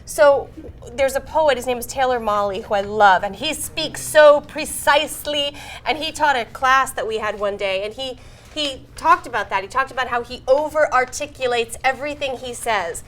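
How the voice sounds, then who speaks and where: A woman teaching a class, speaking slowly and precisely in her teacher voice. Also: high voice, fairly bright tone.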